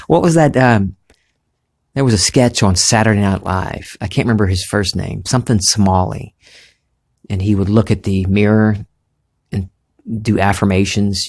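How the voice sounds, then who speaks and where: A man's voice: lowish voice, normal speed, gravelly, long pauses, darkish tone. A man with a slight Southern American accent, hosting a spiritual podcast in an earnest, musing monologue that thinks aloud. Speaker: podcast host.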